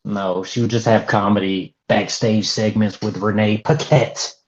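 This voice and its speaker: A young man with a fairly low voice co-hosts a wrestling podcast in a dry, mocking tone. His audio sounds dull and lo-fi. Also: steady tone, a little slow. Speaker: podcast co-host. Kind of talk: casual wrestling review chat.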